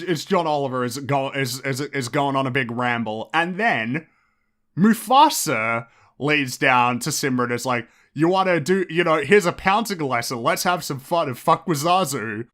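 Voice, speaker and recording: Animated man with a bright voice. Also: on the high side. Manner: animated, frequent restarts, casual swearing. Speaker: podcast host. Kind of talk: casual commentary monologue.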